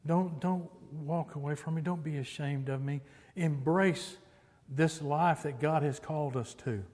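A man's voice: a little high, fairly even intonation, a little slow, a little mellow, big-room sound. A man from Texas, preaching a sermon with emphatic repetition and storytelling.

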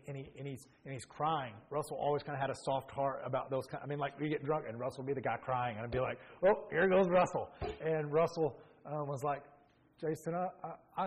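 A man's voice: mid-range voice, breathy edge. A middle-aged man, preaching his personal testimony in an earnest, reflective storytelling manner with frequent restarts. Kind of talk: testimony sermon.

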